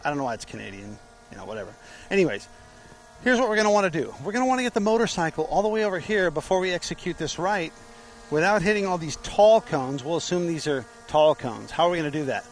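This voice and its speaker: A man's voice: high-pitched, animated, quick pace, slight background noise, poor audio. A man working as a motorcycle training instructor, explaining an outdoor cone pattern. He talks it through by asking questions and then answering them himself. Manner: explanatory, asks and answers his own questions.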